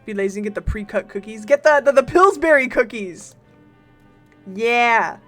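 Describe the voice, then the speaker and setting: An excitable woman streams a game and keeps up a playful chatter with her viewers. Her voice sits a bit high and leaps up and down as she teases them, and soft music plays underneath. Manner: playful and excitable, greeting chat, quick bursts of teasing. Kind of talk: casual live-stream chat with viewers.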